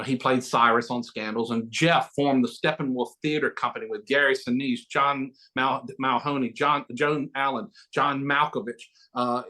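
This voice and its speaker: A middle-aged man, an actor and auctioneer, telling quick, joking stories as an interview guest on a video call. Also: medium pitch, sharp tone. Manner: fast, name-dropping, joking. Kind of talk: animated interview storytelling.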